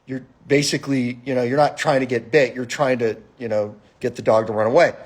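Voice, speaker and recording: A man hosting a live stream, telling a story in a profane, animated, casual monologue. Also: mid-range voice, brisk.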